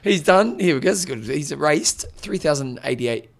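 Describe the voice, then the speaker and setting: A man's voice: fairly high pitch, lively intonation, normal speed, creaky. A man co-hosting a podcast in casual chat, full of teasing, jokey banter. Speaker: podcast co-host.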